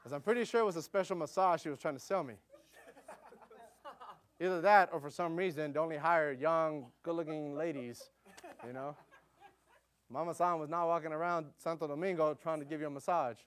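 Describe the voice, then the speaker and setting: A middle-aged American missionary preacher tells a story from the pulpit as a sermon. He's animated, speaking quickly and energetically in a voice a little high for a man, and he keeps calling out to his congregation.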